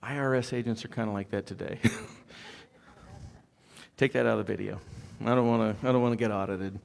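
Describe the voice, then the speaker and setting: A man's voice: lowish voice, fairly even intonation, fairly quick, gravelly, a little mellow. A man preaching a sermon as pastor, in a conversational storytelling way with joking asides.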